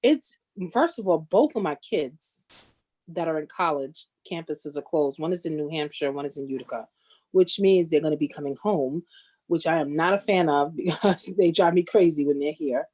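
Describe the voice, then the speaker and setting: Lower-voiced wry mother chatting. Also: moderate pace, darkish tone. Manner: wry, self-deprecating. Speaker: co-host. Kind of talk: casual chat show.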